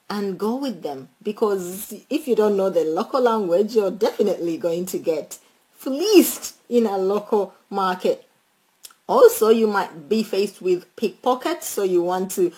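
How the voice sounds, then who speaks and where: A woman chatting casually as a travel vlogger, animated and quick to laugh, speaking to her viewers and calling out friends by name. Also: medium pitch, low-quality recording. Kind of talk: casual travel tips chat.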